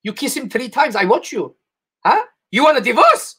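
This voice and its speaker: A comedian voicing a hot-tempered, jealous Armenian husband with an Armenian accent and broken English, accusing and loud. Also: male voice, extremely high pitch, sing-song, normal speed, breathy edge, voice pushed up, full character voice.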